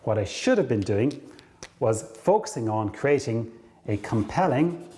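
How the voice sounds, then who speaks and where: Animated man telling a business story. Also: mid-range voice, measured pace, slight background noise. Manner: lively storyteller, acts out dialogue. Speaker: career coach. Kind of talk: storytelling to camera.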